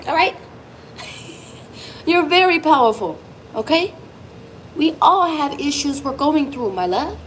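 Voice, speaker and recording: A woman giving a tarot reading, talking directly to her viewer with emphatic, reassuring energy and the odd curse word. Her voice sits a little high and swings widely in pitch. A faint hiss of noise sits under the recording. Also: a little slow, long pauses, low-quality recording. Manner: lively, emphatic, swearing, speaks directly to the viewer. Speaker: tarot reader.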